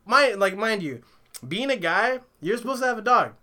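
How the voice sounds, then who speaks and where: A young man on a casual podcast, rambling through profane, animated stories. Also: high-pitched, normal speed. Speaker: podcast co-host. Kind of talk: casual chat.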